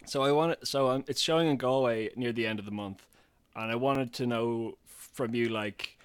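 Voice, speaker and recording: A man talking casually as a guest, halting and repeating himself as he searches for words. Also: medium pitch, clear, resonant tone, no room sound. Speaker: guest filmmaker. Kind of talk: casual chat.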